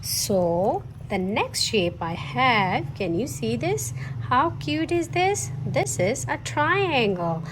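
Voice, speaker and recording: A young woman teaching toddlers, asking questions in a slow singsong way. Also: on the high side, sing-song, background noise. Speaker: children's teacher.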